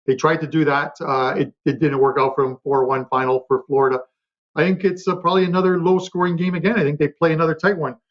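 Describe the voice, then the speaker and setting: Guy on a betting panel, bit high voice, rambles with lots of uhs, kinda dull lo-fi sound. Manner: quick, chatty, with many fillers and restarts. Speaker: sports betting handicapper. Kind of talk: casual panel talk.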